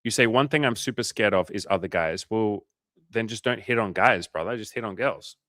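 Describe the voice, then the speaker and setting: A young male dating coach chats casually on a livestream, reading viewer comments, cracking jokes, swearing, and reassuring his audience. His voice is lowish and a little bright, he talks slightly fast, and the studio recording is clean with no echo.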